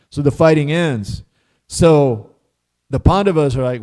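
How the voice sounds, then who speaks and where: Mellow-voiced man teaching a scripture class. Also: on the high side, a little slow. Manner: chatty, laughs often, quizzes listeners. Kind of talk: casual scripture class talk. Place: temple hall.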